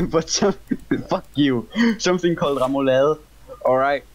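A young man from Denmark with a Danish accent, chatting and laughing excitably while playing a co-op game with a friend. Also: fairly high pitch, unhurried. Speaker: gamer playing co-op. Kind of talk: casual gaming chat.

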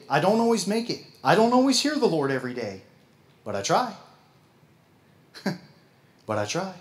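Folksy Midwestern pastor preaching. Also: male voice, on the high side. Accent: Midwestern American. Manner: folksy, laughs at himself. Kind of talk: sermon.

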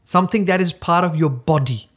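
Patient male host of a kids' lesson show, slightly high voice, drills sounds. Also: brisk, fairly bright tone. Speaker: teacher. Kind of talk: children's puppet show lesson.

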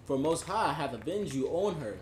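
Man, slow halting scripture reading, raised pitch, echoey room. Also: big pitch swings. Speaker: scripture reader. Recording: echoey room, faint background noise.

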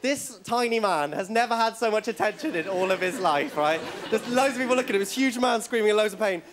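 High-voiced comic, rambling on stage. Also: male voice, lively intonation, fast. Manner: rambling storytelling, keeps checking in with "right?". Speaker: stand-up comedian. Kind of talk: stand-up routine. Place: stage before a studio audience. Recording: loud audience laughter and crowd noise.

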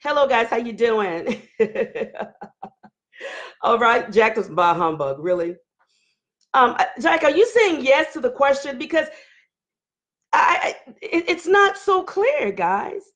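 A hoarse woman hosting a casual livestream, talking loud and candid while she reads viewer comments. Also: on the high side, sing-song, slow pace, long pauses. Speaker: livestream host. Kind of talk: casual live chat reading viewer comments.

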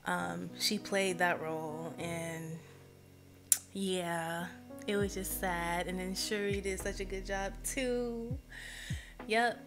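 A woman live streamer chatting casually with her viewers, emotional and expressive. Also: on the low side, slow, music in the background.

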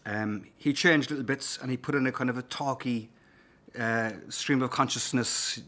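A singer-songwriter with a Cork Irish accent, chatting loosely and telling anecdotes between songs, with plenty of "um" and "uh". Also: male voice, mid-range voice, pushed and bright. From Cork, Ireland. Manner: rambling, easygoing anecdotes with filler words.

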